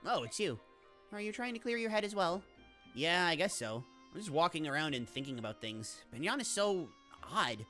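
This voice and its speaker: A young commander speaks low and plainly, earnest and a little weary, as a woman reads his lines. His tone is subdued and steady, like a video game hero read aloud. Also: normal speed, soft background music. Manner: flat, plain-spoken, subdued.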